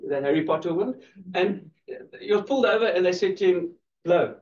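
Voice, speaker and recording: A man's voice: high voice, animated, a little fast, darkish tone, a little hiss or hum. A man giving a playful, teasing law lecture to a class, laughing often. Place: lecture room. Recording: distant echoey lo-fi room recording.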